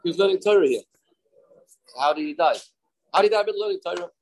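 Man, Talmud teacher, repeats phrases, story-driven lesson, somewhat high pitch. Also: fast talker, poor audio. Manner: storytelling, repeats phrases, mixes in Hebrew and Yiddish terms. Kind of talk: daily Talmud class.

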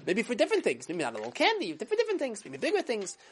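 A woman's voice: a little high, huge pitch swings, racing, a little hiss or hum. A woman telling a story to children, dramatic and full of acted voices. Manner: dramatic, with sound effects and voices. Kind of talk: animated storytelling.

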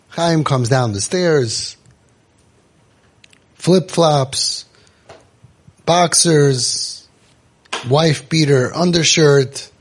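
A man hosting a parenting podcast, telling stories to parents in an animated way. He acts out the voices he quotes and drops Yiddish and Hebrew words into his talk. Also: a little high, extremely slow, pauses often, slightly rough. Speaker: parenting coach and podcast host.

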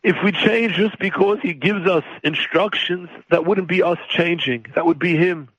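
A man's voice: sits high, moderate pace, fairly bright tone, dry recording, highs cut off. A man who is a rabbi, delivering an emotional sermon in a pleading, impassioned way that rises to near cries.

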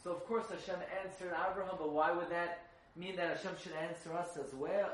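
A man's voice: high voice, steady tone, brisk, a bit bright. A man giving a sermon as a rabbi, asking emphatic rhetorical questions and rising into fervent chanting of texts. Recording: echoey, from a distance.

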